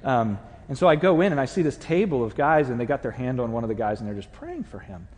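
A man's voice: medium pitch, very animated, quick pace, darkish tone, in a large hall. A man preaching a conversational sermon and putting questions to his congregation. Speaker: pastor. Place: church sanctuary.

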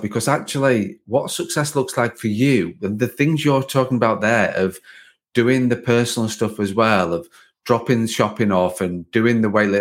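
A man hosting a podcast, talking in a loose, rambling way with many restarts. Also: medium pitch. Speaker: podcast host. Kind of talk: casual interview chat.

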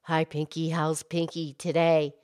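A woman playing a slow, patient cartoon cow. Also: low-pitched, monotone, darkish tone, smooth, no room sound, studio quality. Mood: explaining. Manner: patient, explanatory, teacherly. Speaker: podcast co-host. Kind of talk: playful kids' podcast role-play.

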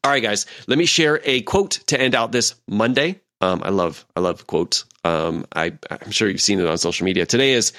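A man's voice: lowish voice, moderate pace, few pauses, a bit bright. A man in his forties hosting a podcast as a leadership coach, talking casually with many fillers and acted-out quotes. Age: 40s.

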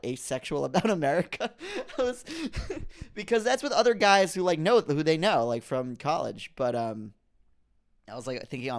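A young man hosting his own podcast, rambling through a comedic rant and breaking off mid-thought before building to exasperation. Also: on the high side. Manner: rambling, self-interrupting, rises to animated exasperation. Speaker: podcast host.

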